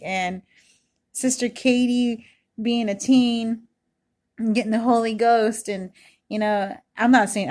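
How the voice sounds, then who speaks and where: A woman in her thirties giving an earnest, rambling personal testimony at home, full of "you know" and "like", recorded close in a kitchen. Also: on the high side. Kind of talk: casual spoken testimony. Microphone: self-recorded video, close mic.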